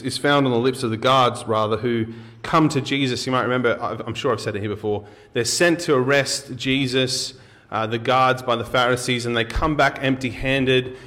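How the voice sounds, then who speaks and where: A man's voice: medium pitch, a bit bright. A man preaching a sermon, reading scripture aloud and then explaining it in an earnest, emphatic way with occasional fillers and restarts.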